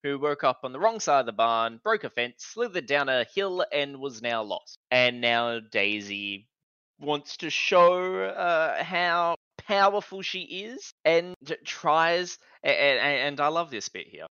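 A man co-hosting a casual online podcast discussion, animated and prone to stammering restarts. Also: on the high side, unhurried, clear, resonant tone, dry recording, muffled recording. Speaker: podcast co-host.

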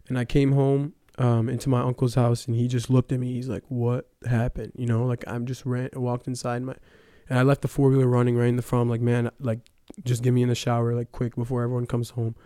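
A young man recounts his personal testimony in a relaxed, rambling way, leaning on fillers. His voice is mellow and smooth, with a fairly flat melody. The sound is close and dry, with no room echo. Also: medium pitch. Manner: casual storytelling with many fillers. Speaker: testimony speaker.

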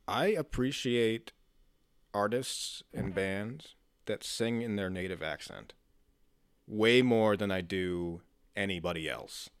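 A man co-hosting a podcast in relaxed conversation. He is blunt and jokey, with casual swearing and quick back-and-forth with his co-host. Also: on the low side, clean tone. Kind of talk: casual chat.

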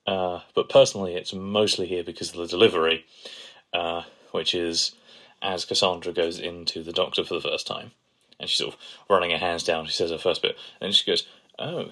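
Co-host, man, very low voice, playful and gushing. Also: little pitch movement, fairly quick, a bit bright. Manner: playful, enthusiastic, gushes over quotes. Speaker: podcast co-host. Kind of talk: casual chat.

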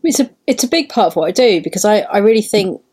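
A woman who works as an osteopath, a podcast guest, explaining her work in a thoughtful, measured way. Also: medium pitch, expressive, darkish tone, slightly rough. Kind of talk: casual conversation.

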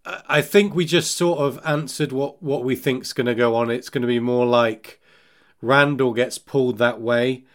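A man's voice: medium pitch, steady tone, moderate pace. Guy hosting a lore podcast, repeats his first words a lot, casual. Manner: stammers on starts, reads listener questions. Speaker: podcast host. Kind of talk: casual discussion of fantasy lore.

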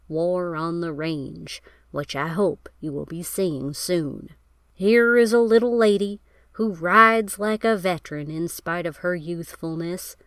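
A woman doing a slow-drawling old-time cowboy star. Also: on the low side, clean tone, no echo. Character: drawling male 1930s cowboy film star. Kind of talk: reading a magazine quote in a put-on voice.

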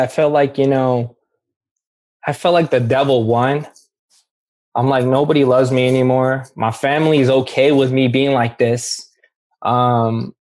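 A man's voice: mid-range voice, a little mellow. A young man speaking candidly as an interview guest, slangy and earnest, often repeating himself. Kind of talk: candid interview recounting addiction.

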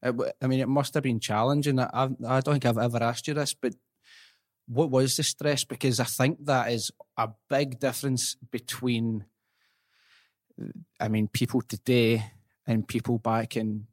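A young Scottish man hosting a podcast, chatting casually and telling stories in a quick, animated way. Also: mid-range voice. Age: young adult. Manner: lively, laughing, quick and animated storyteller. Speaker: podcast host. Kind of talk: casual chat, storytelling.

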